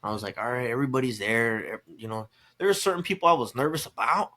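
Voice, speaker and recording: A young adult man chats casually on a podcast, rambling through a story. He acts out what others said and breaks into laughter between lines. His voice sits at a middling pitch. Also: fast, bright, forceful tone. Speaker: podcast guest.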